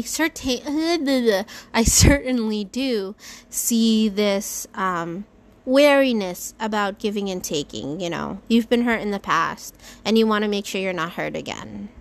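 A woman's voice: a little high, lively intonation, unhurried. A woman hosting her own podcast in a casual solo monologue. She rambles, swears freely, and talks herself through restarts. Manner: rambling, swears freely, lots of fillers and self-talk. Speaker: podcast host.

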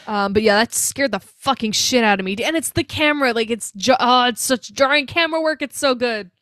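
Chatty higher-voiced woman in her twenties. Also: brisk, no echo, studio quality. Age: 20s. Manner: chatty, animated retelling full of "like". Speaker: podcast co-host. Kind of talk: casual chat.

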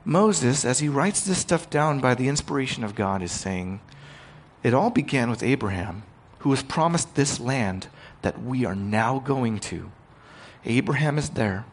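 A man preaching a sermon, growing loud and emphatic on key points and retelling scripture in casual modern paraphrase. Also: medium pitch, animated, unhurried. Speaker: pastor.

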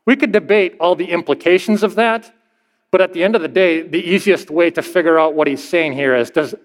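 A man preaches from the pulpit in a conversational, emphatic way, backing up and restarting his phrases as he drives each point home. His voice sits a little high for a man, and a long reverb from the hall trails after every line. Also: a little fast. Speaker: pastor. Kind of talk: sermon.

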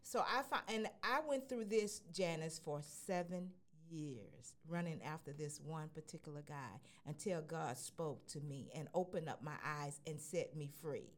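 Earnest woman with a lower voice. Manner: earnest, halting with fillers. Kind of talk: casual personal testimony.

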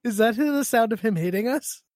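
A man's voice: very high voice, lively intonation, normal speed, a little mellow, dry recording. Giggly rambling podcast guy. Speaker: podcast co-host. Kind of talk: casual chat.

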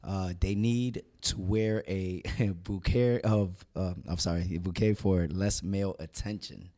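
A man's voice: deep voice, steady tone, unhurried, warm tone. A man reading viewer chat comments aloud, hesitant with fillers.

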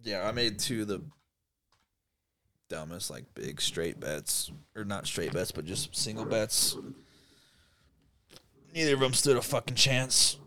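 A man's voice: fairly low pitch, lively intonation, unhurried, long pauses, sharp tone, a little hiss or hum. A man co-hosting a casual sports betting podcast, talking bluntly with lots of swearing and jokes. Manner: profane, blunt, joking. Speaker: podcast co-host.

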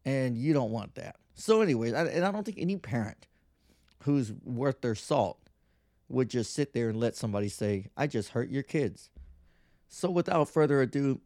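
A man's voice: medium pitch, a little mellow, no echo, clean studio sound. A man in his thirties hosting a podcast, ranting in a brash, profane, mocking way and mimicking others in whiny voices. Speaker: podcast host. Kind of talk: casual monologue.

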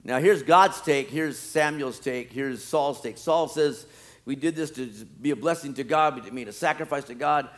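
A male pastor preaching a sermon, animated, swinging from loud pleading to quiet, low asides. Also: normal speed.

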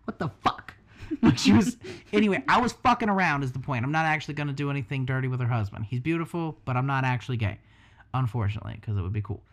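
A man hosts a podcast in casual conversation, with a voice in the middle of the usual pitch range. He rambles from joke to joke and swears freely. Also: lively intonation, quick pace. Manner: joking, profane, rambling. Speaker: podcast host. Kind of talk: casual chat on a livestreamed podcast.

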